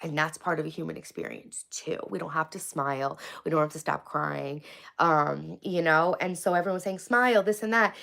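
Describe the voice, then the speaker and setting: A woman's voice: low-pitched, fairly even intonation, moderate pace, vocal fry, a bit bright. A woman hosting a casual livestream, answering viewers' chat in a candid, rambling way, encouraging them and swearing freely. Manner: encouraging, affectionate toward viewers. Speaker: livestream host.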